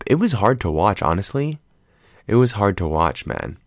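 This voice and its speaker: A young man with a very deep voice talks through films in a loose, profane, meandering way. He curses freely and jumps from thought to thought. The sound is close and dry, with no room around him. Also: unhurried, no echo. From half Filipino, US-based. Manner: profane, animated, rambling. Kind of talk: casual film commentary.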